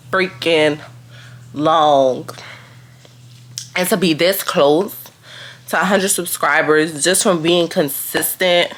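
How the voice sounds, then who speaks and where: A woman chatting excitedly to camera as a vlogger, gushing and repeating phrases. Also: lowish voice. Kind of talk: casual vlog chat.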